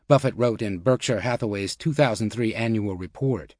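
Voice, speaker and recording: A man reading nonfiction narration as an audiobook narrator, in a measured, even way. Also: fairly low pitch, no echo, clean studio sound.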